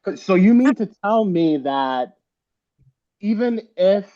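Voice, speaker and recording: A male guest on a video chat speaks slowly and emphatically, hammering his points home. His tone is mellow and a little high, and the call audio sounds slightly muffled. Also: animated. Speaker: guest panelist. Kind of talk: casual group video chat.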